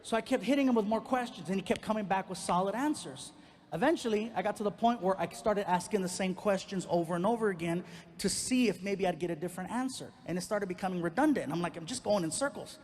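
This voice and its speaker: A male stand-up comedian telling a personal story on stage, animated and acting out each person in it. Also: high-pitched, fast talker. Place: comedy stage in a large venue. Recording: live hall with faint noise.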